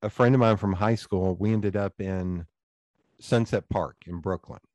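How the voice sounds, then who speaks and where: Southern guy hosting a podcast, lowish voice, dry close sound, animated stories. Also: unhurried, no echo. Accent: Southern US, East Tennessee. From East Tennessee. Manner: animated storyteller, swears freely. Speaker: podcast host. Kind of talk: casual storytelling chat.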